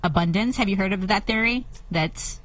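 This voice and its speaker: A woman's voice: mid-range voice, moderate pace. A woman co-hosting a podcast, chatting casually, earnest and wry. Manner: earnest, wry, laughs easily. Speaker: podcast co-host. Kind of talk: casual chat.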